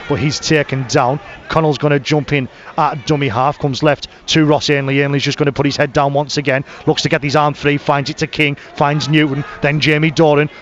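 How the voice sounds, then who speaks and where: A man giving live rugby league radio commentary, naming each pass and tackle in quick succession. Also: on the high side. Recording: lo-fi radio broadcast audio.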